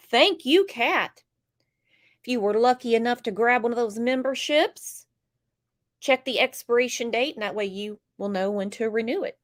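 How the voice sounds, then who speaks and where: Stuffed-up woman, slightly high voice, chatty and blunt livestream host. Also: normal speed. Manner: chatty, greets viewers by name, opinionated. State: stuffed up, congested. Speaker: true crime livestream host. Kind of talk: casual livestream chat.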